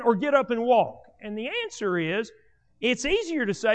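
A man preaching a sermon in an animated way, often repeating and restarting phrases for emphasis, as a preacher before a congregation. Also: extremely high pitch, a little fast. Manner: animated, repetitive restarts, rising emphatic delivery. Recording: long hall reverb.

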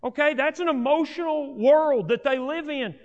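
A man preaching a sermon in an animated way, often repeating and restarting phrases for emphasis, as a preacher before a congregation. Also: extremely high pitch, normal speed, muffled recording. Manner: animated, repetitive restarts, rising emphatic delivery. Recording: long hall reverb.

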